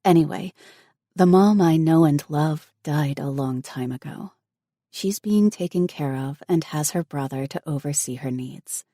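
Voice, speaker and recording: A woman's voice: low-pitched, a little slow, dark tone, no room sound, studio quality. A woman voicing an anxious young woman who grieves for her ill mother, speaking in an earnest, emotional way. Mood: sad.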